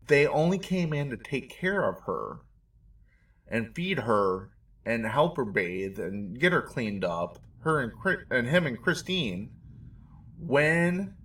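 A man's voice: medium pitch, big pitch swings, slow pace, fairly bright tone. Indignant man ranting, slightly distant mic. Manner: emotional, indignant, rambling. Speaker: podcast host reacting to a documentary. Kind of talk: casual commentary.

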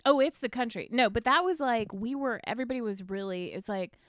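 A woman's voice: a little high, brisk, dry recording, clean studio sound. Young woman guest, Virginia-raised, chatty and laughing, clean resonant voice. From Virginia, USA. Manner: laughing, animated storytelling. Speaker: guest, TV writer. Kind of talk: casual chat.

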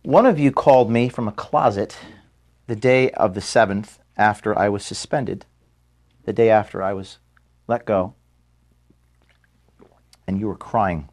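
A man giving a farewell address to his staff, filmed in an office room. He is close to tears and halting, and he stops to apologize as he speaks. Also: on the low side, darkish tone. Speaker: organization founder giving a farewell speech to staff.

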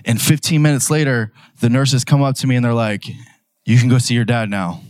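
A young man preaching a sermon, telling a personal story in a casual, conversational way and building to loud, emphatic declarations. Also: medium pitch, fairly even intonation, fairly quick, clean tone, no echo, clean studio sound.

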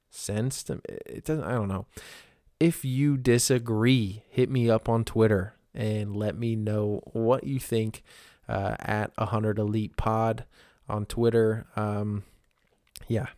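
A man's voice: lowish voice, darkish tone, no echo, studio quality. A man hosting a wrestling podcast alone, talking casually in a blunt, rambling way with lots of fillers and frequent swearing. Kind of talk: casual solo recap.

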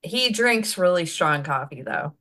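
Slow-talking bright-voiced woman podcast host. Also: fairly low pitch, lively intonation. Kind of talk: casual podcast chat.

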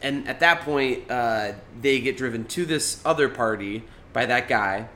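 A man's voice: medium pitch, measured pace, sharp tone. A man co-hosting a podcast, casually recapping a movie with lots of fillers and restarts. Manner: rambling, many fillers, acts out quotes. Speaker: podcast co-host.

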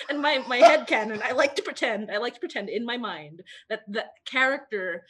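A woman co-hosting a casual movie-review podcast, excitable, laughing often and swearing freely. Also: a little high, a little fast, few pauses, husky. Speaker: podcast co-host.

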